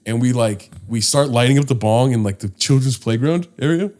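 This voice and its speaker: A man's voice: medium pitch, a little fast. A young man, a podcast co-host, telling a casual story with lots of swearing and acted-out quotes, recorded at home. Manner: animated, swearing, acts out voices in his story.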